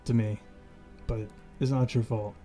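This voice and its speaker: A man plays a starving rat whose voice creeps into a mind, sighing and stumbling over its words. It begs in a low, furtive, hesitant way, even in pitch with a touch of background music. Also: close to an everyday voice. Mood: pleading, furtive. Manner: sighing, halting, pleading. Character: hungry male rat speaking telepathically.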